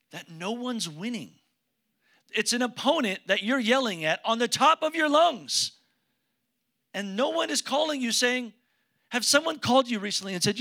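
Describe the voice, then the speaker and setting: Preaching before his congregation in a church sanctuary, a man keeps the sermon casual and jokey, asking the people questions as he speaks. His high voice sounds creaky, pushed and bright.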